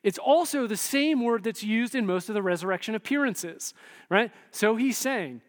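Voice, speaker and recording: A man preaching a sermon in a conversational, animated way, often checking in with the listeners. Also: high-pitched, normal speed, big-room sound. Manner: conversational, animated, frequent "right?" asides. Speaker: pastor.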